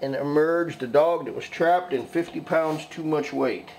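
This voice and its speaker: A man's voice: fairly high pitch, unhurried, darkish tone, slight background noise. A middle-aged man in a casual morning vlog at home, speaking affectionately to his rescue dogs in baby-talk. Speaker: dog rescue operator.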